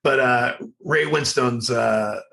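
A young man chatting loosely about movies, full of fillers and restarts, with a mid-range voice and an easy laugh. He rambles from point to point in a relaxed conversational way. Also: medium pitch, slow, gravelly. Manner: rambling, full of fillers, laughs often, acts out quoted lines. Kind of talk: casual chat about movies and TV.

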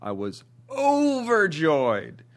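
A man co-hosting a podcast, chatting casually and reading out listener emails, quick to laugh. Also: fairly high pitch, huge pitch swings.

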